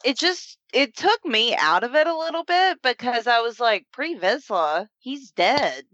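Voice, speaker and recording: A woman in casual chat, talking in an animated, rambling way. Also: fairly high pitch, a little slow, no echo. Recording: dull, dry sound.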